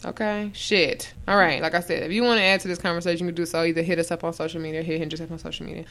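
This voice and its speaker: A young adult woman hosting a podcast, telling stories in blunt, profane, animated casual chat. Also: on the low side, rapid-fire. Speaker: podcast host.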